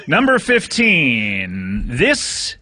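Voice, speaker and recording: A man's voice: mid-range voice, huge pitch swings, drawn-out words, bright, forceful tone. A man hosting a comedy podcast, bantering playfully with mock-grand flourishes. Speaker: podcast host.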